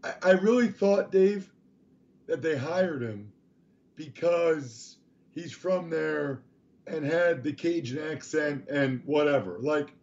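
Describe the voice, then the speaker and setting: A man co-hosting a sports talk show, his voice raspy and hoarse, rambling and restarting as he talks. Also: fairly high pitch, takes it slowly, darkish tone, lo-fi sound. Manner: rambling, self-interrupting.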